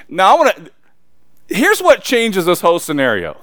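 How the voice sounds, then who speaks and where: A man preaching a sermon, reading scripture and then talking it through in a casual, emphatic way with sudden loud peaks and quiet asides. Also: sits high, wildly swooping pitch, normal speed, dry recording, studio quality. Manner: reads scripture aloud then preaches conversationally with slang.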